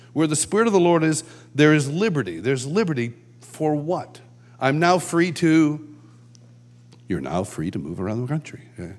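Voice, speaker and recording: A man giving a conversational sermon at a conference, telling stories and acting out shouted quotes. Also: on the high side. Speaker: conference speaker. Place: large church hall.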